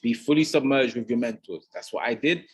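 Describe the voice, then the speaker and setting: A man's voice: mid-range voice, fairly quick. A man giving an emphatic motivational talk as a business mentor, often checking in with "right?". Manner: emphatic, keeps adding "right?".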